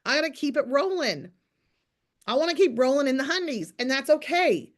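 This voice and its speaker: Woman in her thirties, business coach, motivational group call, emphatic and teasing, rather high voice. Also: lively intonation. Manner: fast, emphatic, preachy pep talk with teasing.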